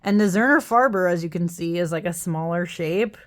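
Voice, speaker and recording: Worn out after work, a young tarot deck reviewer talks casually through a flip-through of tarot and oracle decks. She speaks briskly in a voice on the low side, rambling as she goes and breaking into laughs and apologies.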